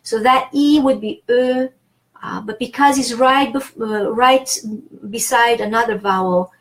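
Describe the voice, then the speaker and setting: A woman's voice: a little high, unhurried, poor audio. A woman with a French accent, teaching French pronunciation in an easygoing lesson, full of fillers and restarts. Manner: explains patiently, with many fillers and restarts. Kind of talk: casual spoken lesson.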